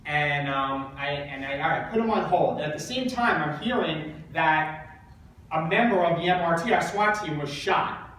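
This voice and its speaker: A man speaking to an audience and telling an emotional personal story, halting and repeating words while holding back tears. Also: on the high side, a bit bright, a little hiss or hum. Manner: halting, repeats words, acts out quoted dialogue. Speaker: speaker at a coaching event. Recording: very echoey hall, mic far off.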